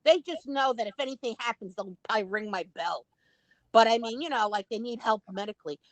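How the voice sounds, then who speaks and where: An older woman with a New York accent, chatting casually on a livestream and telling lively stories. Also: on the high side, brisk, no room sound, low-quality recording. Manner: animated storyteller who acts out quotes. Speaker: guest on a livestream. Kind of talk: casual chat.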